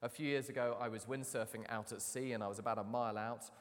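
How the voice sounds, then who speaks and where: A man in his thirties preaching a sermon, telling the story with animated, dramatic swings from loud to hushed. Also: medium pitch, fast talker. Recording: long hall reverb.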